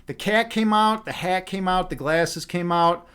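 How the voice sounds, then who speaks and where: Chatty high-voiced man on a livestream. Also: a little slow, fairly bright tone, smooth. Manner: chatty, rambling with restarts, playful. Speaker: livestream meditation host. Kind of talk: casual live-stream chat. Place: at home. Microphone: webcam.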